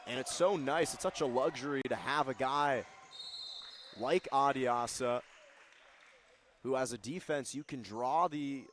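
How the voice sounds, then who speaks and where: A man giving live basketball play-by-play, calling plays quickly and shouting on the big moments. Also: medium pitch, slight background noise. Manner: rapid calls that rise to shouts on big plays. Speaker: play-by-play announcer.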